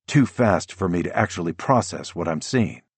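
A man narrating a first-person novel as an audiobook, measured and descriptive. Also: sits low, lively intonation, husky, no room sound.

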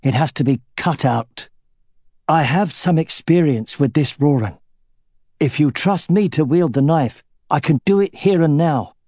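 A man voicing a steady soldier who explains a wound calmly and plainly in an audiobook. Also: on the high side, measured pace, no echo, studio quality. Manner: calm, matter-of-fact. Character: calm, steady soldier man, practical medic.

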